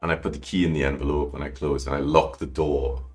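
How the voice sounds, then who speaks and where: A man with a very low, deep voice tells a personal story as a podcast guest. He is emotional and animated, leaping up in pitch when he acts out what people said, and he often breaks off and restarts his sentences. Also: quick pace, soft background music. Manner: animated, acts out quoted lines with big pitch jumps. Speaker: guest calligrapher.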